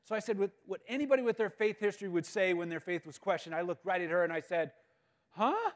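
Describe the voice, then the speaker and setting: A man in his thirties, a guest speaker telling a personal story, acting out the quoted lines and dropping to quiet asides. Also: sits high, fast. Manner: animated storyteller, acts out quoted lines, drops to near-mutters for asides. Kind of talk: storytelling speech. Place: school event space.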